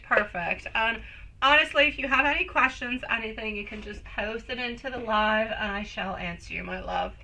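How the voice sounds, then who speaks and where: Lady tarot reader on a live stream, super bright voice, a bit high, sweetie-this my-love-that. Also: slight background noise, low-quality recording. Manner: endearing, calls viewers sweetie and my love; chatty, reads viewer comments aloud and answers. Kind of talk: live-stream tarot reading, chatting with viewers.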